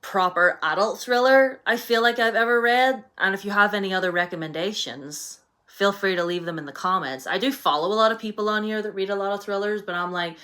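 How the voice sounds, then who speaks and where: Young woman, chatty book vlogger, bright tone, lowish pitch, lots of fillers. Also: a little fast. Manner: chatty, animated, many fillers like "you know". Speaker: book reviewer. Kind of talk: casual book review vlog.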